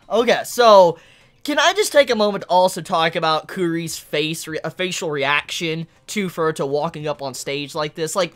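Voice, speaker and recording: A woman talks through a manga chapter in a loose, casual commentary, cracking herself up and swearing freely. Her voice sits at a middle pitch but leaps high and drops low as she gets worked up. The delivery is excitable and animated. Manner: excitable, laughing, swears a lot. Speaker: anime and manga reviewer.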